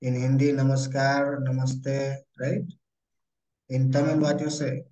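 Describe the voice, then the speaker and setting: A man's voice: medium pitch, little pitch movement, measured pace, dark tone, dull audio. Man tutoring in a roomy echo. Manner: corrective, repeats instructions in non-native English. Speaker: Korean language teacher. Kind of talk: online tutoring lesson.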